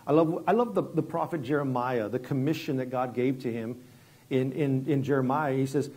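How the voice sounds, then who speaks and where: A middle-aged man preaching as a guest pastor, telling stories conversationally with many restarts and sudden hushed moments. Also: medium pitch, fairly quick, breathy edge. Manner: conversational, repeats words and restarts, drops quiet for dramatic story moments. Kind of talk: sermon with storytelling.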